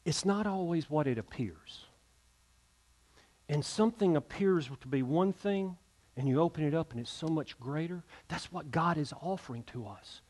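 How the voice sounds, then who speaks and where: A man's voice: a little high, lively intonation, moderate pace, a little mellow. A male pastor, preaching a sermon and leading an invitation, earnest and emphatic, often repeating words as he builds.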